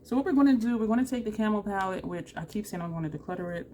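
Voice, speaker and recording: A woman's voice: mid-range voice, expressive, rapid-fire, a little mellow, a little hiss or hum. A woman chatting casually through a makeup tutorial, self-deprecating and laughing often, with a runny nose. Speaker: makeup vlogger.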